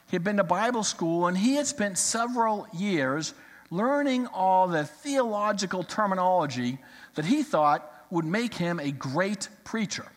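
A man preaching a sermon, telling a folksy story in an animated, storytelling manner. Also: high-pitched, unhurried, big-room sound.

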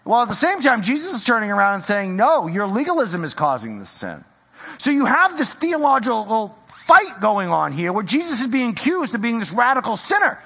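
A man preaching a sermon in a casual, animated way, slipping into slang and acting out the people in the story. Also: very high-pitched, brisk, gravelly, hardly any pauses, breathy edge, in a large hall. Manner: animated, casual slang, acts out quoted voices. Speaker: pastor.

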